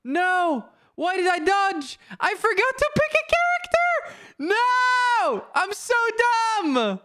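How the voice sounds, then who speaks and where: Very high-pitched exasperated woman streamer. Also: wildly swooping pitch, slow. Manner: exasperated self-scolding, shouting and laughing at herself. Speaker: VTuber streamer. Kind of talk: casual game streaming.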